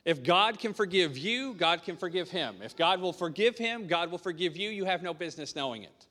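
An earnest preacher with a slightly high voice, telling a personal story from the pulpit. His words carry a long reverb through a small church hall. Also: animated, brisk, pushed and bright. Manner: earnest, storytelling, repeats key lines. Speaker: pastor. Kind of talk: sermon testimony.

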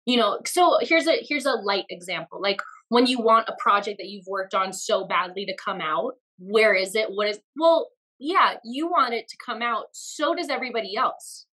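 A woman guest on a podcast telling stories in a lively, chatty way and laughing often. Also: medium pitch, normal speed, hardly any pauses, low-quality recording. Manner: animated storyteller, laughs often. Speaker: guest actress. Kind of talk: casual podcast interview.

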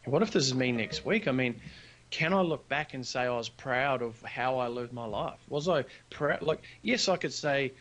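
Here a New Zealand business founder appears as a podcast guest, his medium-pitched voice moving at a moderate pace. He shares a personal story in an earnest, animated way, voicing the dialogue as he quotes it.

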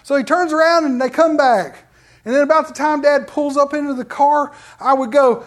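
A middle-aged man, a pastor telling personal stories in an animated sermon and acting out quoted voices. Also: very high-pitched, normal speed. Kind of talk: storytelling sermon.

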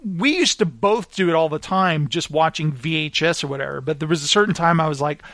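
A man hosting a podcast, telling stories in casual chat and mimicking friends with quick voice shifts. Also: fairly high pitch, fairly bright tone, no room sound. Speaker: podcast host.

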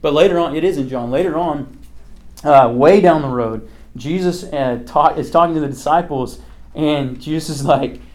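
A man's voice: fairly high pitch, moderate pace, a little mellow. Chatty young male youth pastor. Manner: conversational, quizzes the listeners, many "like" and "okay" fillers. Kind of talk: casual youth sermon.

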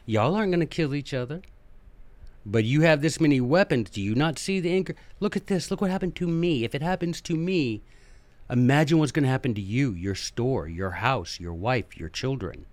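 A man doing a scheming ancient Greek politician who pleads loudly and urgently, trying to talk a frightened crowd into giving up their weapons. The voice sits at a middling pitch and sounds close and dry, with no room around it. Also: expressive, normal speed, dry recording, natural voice. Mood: urgent pleading. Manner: loud, pleading, urgently persuasive.

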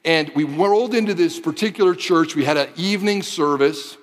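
A man's voice: on the high side, fairly quick. Impassioned preaching man in a reverberant hall. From Michigan, Detroit area. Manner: builds to impassioned, rising emphasis with repeated phrases; casual asides to the audience. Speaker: pastor. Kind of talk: sermon.

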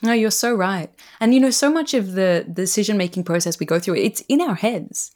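A woman's voice: mid-range voice, fairly quick, darkish tone. This is a woman researcher appearing as a podcast guest. She explains ideas in an earnest, conversational way. She often adds "you know" as she talks. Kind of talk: casual conversational interview.

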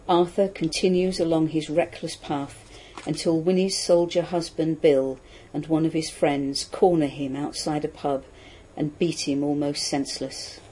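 A narrator with a dark, mellow tone and a slightly husky edge reads a scripted book summary. The delivery is plain and informative, at a middling pitch. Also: low-quality recording.

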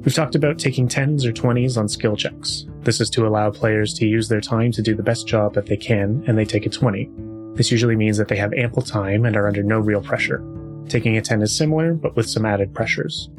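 Over music, a man with a lowish voice talks a little fast as he hosts a podcast and narrates as game master. He keeps things easygoing, with frequent filler sounds, mixing casual chat and tabletop game narration.

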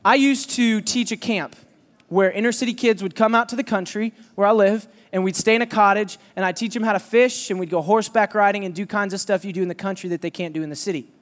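A man preaching a sermon, telling a lively personal story and teasing his listeners. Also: high-pitched, fast, big-room sound. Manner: animated, joking storyteller who teases the audience.

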